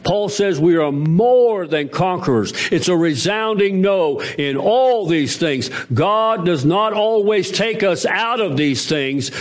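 A pastor delivers a sermon. His pitch swings widely and climbs to emphatic peaks before dropping low. His voice sits a little high for a man. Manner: preaching with swooping emphasis, rising to emphatic peaks.

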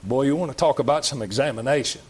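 A man's voice: mid-range voice, fast talker, a little mellow, breathy edge. Folksy preacher man. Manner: folksy preaching, rhetorical questions, plain rural phrasing. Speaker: pastor. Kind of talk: sermon. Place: church.

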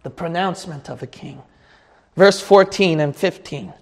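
A man preaching a sermon with passion, building from slow teaching up to shouting and crying out. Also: high voice. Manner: impassioned, rising to shouts and cries. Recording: long hall reverb.

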